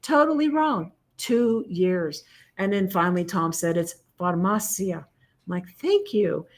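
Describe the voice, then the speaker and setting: A woman's voice: mid-range voice, measured pace. Chatty laughing woman livestream co-host. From United States. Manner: chatty, laughs often, animated. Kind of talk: casual livestream chat.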